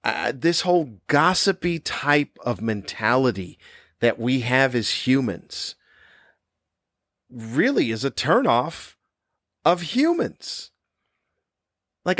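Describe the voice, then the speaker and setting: A man's voice: mid-range voice, a bit bright, no echo, clean studio sound. An older man hosting a comedy podcast, delivering a cranky, sarcastic rant. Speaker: podcast host.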